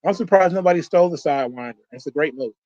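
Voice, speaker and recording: A man's voice: a little high, very fast, a little mellow, dry recording. Loose, swearing man in muffled sound. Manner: loose, profane, rambling. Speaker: host of a wrestling watch-along. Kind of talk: casual commentary.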